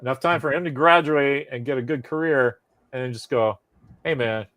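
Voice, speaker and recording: A man's voice: medium pitch, a little fast, no echo. Profane, ranting man on a podcast. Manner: animated, profane ranting with frequent laughs. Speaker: podcast co-host. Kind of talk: casual chat.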